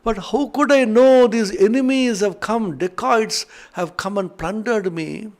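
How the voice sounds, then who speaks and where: Slow, gravelly older monk lecturing. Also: male voice, sits high. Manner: slow, earnest, emotional storytelling. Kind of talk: spiritual lecture with chanted Sanskrit verses.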